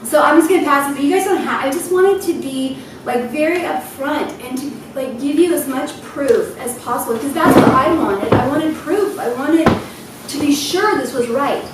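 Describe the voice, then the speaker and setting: A woman's voice: high-pitched, normal speed. A woman giving an emotional personal testimony at a health event, laughing through tears as she talks. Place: event hall. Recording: distant, echoey hall with noise.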